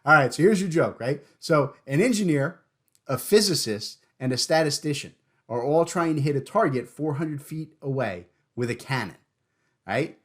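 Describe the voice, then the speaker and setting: A man hosting a podcast in casual chat, joking and animated, often stumbling and repeating words. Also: on the high side, normal speed. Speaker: podcast host.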